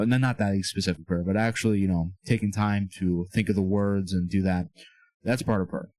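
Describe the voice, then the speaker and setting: A fairly low, darkish male voice comes through a dry recording. The young man is a Christian self-improvement speaker in a small whiteboard room, earnestly coaching his listeners through a casual talk on faith and personal growth while checking in with "okay?" and "all right?"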